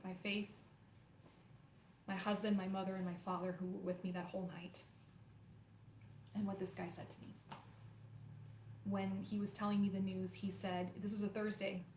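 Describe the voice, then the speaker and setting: A woman in her forties, hosting her own show, telling a personal story to viewers in an animated, emotional, confiding way. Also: medium pitch, slight background noise. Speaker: host. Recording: roomy echo, faint ambience.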